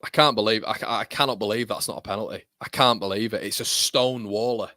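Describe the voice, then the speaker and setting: Fairly low in pitch but pushed and bright, this man's voice comes through a dry, clean studio recording. Hosting a live football watchalong on his fan channel, he reacts fast to the play with frequent swearing and heated, exasperated rants.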